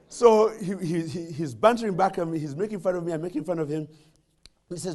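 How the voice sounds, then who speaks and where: Male guest speaker, slightly high voice, lively storyteller who stumbles and restarts. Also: fairly quick, slightly rough. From Uganda. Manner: animated storytelling with jokes and repeated restarts. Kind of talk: humorous motivational speech.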